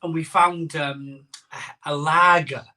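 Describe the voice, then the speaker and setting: Chatty man, bright voice, set back from mic. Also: fairly high pitch, steady tone, takes it slowly, recorded from a distance. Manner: chatty, rambling, repeats phrases. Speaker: host of a live beer-drinking show. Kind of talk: casual live-stream chat and storytelling.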